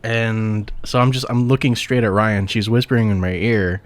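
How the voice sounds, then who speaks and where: A young man co-hosting a casual podcast over beers, laid-back and deadpan, often trailing off quietly. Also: on the low side, moderate pace. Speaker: podcast co-host.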